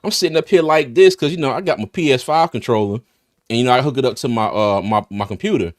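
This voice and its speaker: A man's voice: mid-range voice, fast. A man hosting a casual livestream, laughing often and talking in loose, restarting bursts. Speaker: host of a live draft-night stream.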